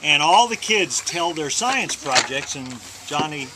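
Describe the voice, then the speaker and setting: A father telling a long joke at home in an unhurried way, now and then slipping and correcting himself, filmed on a handheld camcorder. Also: fairly high pitch, expressive, heavy background noise. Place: family home. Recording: home video, baby crying loudly.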